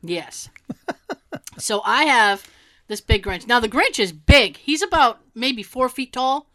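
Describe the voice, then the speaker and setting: Animated woman telling a funny story. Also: a little high, takes it slowly. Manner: animated, laughs often, acts out quotes. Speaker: podcast co-host. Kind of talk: casual storytelling chat.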